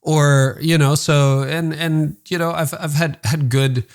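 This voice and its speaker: A man's voice: a little high, fairly even intonation, takes it slowly. A man who is a former pastor, talking candidly and earnestly in a podcast conversation, rambling a little and acting out the voices of people he quotes.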